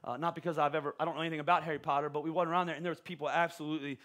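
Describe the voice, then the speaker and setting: Bright, high-voiced animated pastor. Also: male voice, very fast. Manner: animated, joking preacher with stammering restarts. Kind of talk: sermon. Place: church auditorium.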